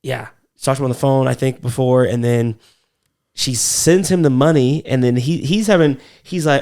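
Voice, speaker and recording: A man's voice: medium pitch, normal speed, a little mellow. A man co-hosting a comedy podcast, telling loose, profane stories in casual chat. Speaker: podcast co-host.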